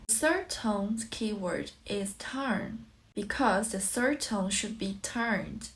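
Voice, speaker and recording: A woman's voice: medium pitch, slow pace, slight background noise. A woman who speaks Mandarin Chinese natively, teaching a tutorial in English and carefully drawing out example syllables to show each tone. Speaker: language teacher.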